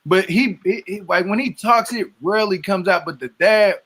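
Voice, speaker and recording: Easygoing slangy guy, higher voice, bright, just chatting. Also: normal speed. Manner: laid-back, slangy, teasing. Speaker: co-host reacting to a reality show. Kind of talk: casual chat.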